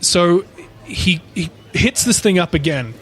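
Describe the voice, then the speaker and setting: A man with a fairly high speaking voice tells a creepy story to his co-host. He rambles, restarts and swears freely in a loose, chatty way. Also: expressive, a little slow, a bit bright. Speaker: podcast co-host. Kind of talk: casual storytelling chat.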